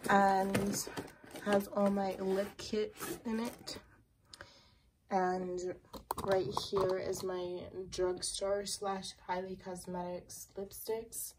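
A woman's voice: medium pitch, level tone, extremely slow, noisy background. A young woman casually touring her makeup collection, rambling with lots of fillers. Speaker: beauty vlogger.

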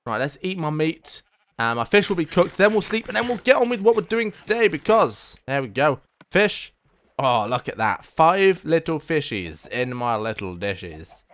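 A man's voice: high voice, sing-song, normal speed, a bit bright. A young man hosting a gaming channel, giving playful let's-play commentary, chatting to himself and viewers with silly sing-song asides.

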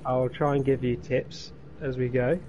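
A man's voice: medium pitch, flat delivery, unhurried, crowd noise. A man giving game advice over a call in a rambling, hesitant way.

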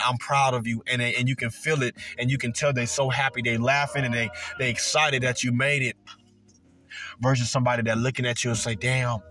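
A man's voice: medium pitch, fairly bright tone. A man, giving a profane motivational sermon, emphatic and repetitive with heavy swearing. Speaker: motivational speaker.

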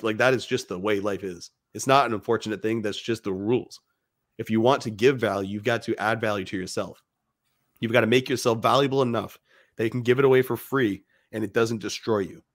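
A man co-hosting a podcast, giving blunt, profane, emphatic motivational talk to fathers. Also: mid-range voice. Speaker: podcast co-host.

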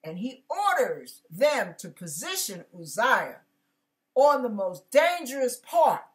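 A woman's voice: on the high side, very animated, slow pace. A woman pastor giving a casual, conversational sermon, acting out biblical characters and dropping slangy asides.

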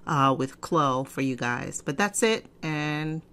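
A woman hosting a casual software tutorial, chatty and digressive, often clearing her throat. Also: sits low, slow pace. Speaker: fashion software tutorial host. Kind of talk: casual screen-recorded tutorial. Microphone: desk microphone.

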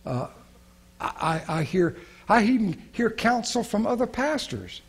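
Husky earnest preaching pastor. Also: male voice, high voice, sing-song, measured pace. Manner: earnest, repetitive, prayerful. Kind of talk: sermon.

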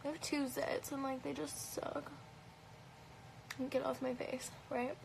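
A woman's voice: high voice, steady tone, slow pace, creaky, pauses often, noisy background. A woman with a light Canadian accent chatting casually on a phone livestream, answering comments in a blunt, profane way with plenty of "um"s and "like"s. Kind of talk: casual live Q&A chat. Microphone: phone held at arm's length.

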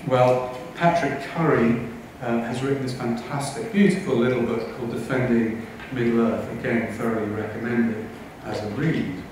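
A conference speaker lectures with eager, wry energy, making asides to his audience. He talks at normal speed with hardly any pauses, his medium-pitched voice keeping fairly even intonation. The sound comes from a distance in an echoey conference hall, over background noise.

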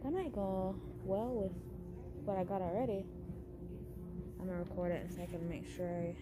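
A woman's voice: medium pitch, normal speed, very noisy. A woman vlogging while she shops, gushing and exclaiming over baby items as a mom. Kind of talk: casual shopping vlog. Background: music.

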